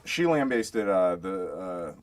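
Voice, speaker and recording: A man on a talk show, reading items out haltingly with many fillers. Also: low-pitched, very animated, crowd noise.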